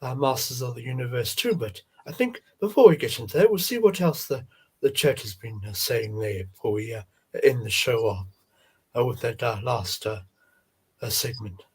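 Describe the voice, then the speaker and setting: A husky man hosts a relaxed live stream. His pitch wanders up and down as he rambles gently, stopping often on fillers and repeated words. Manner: halting, many fillers and repeats, gentle folksy tone. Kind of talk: casual chat about toy card art.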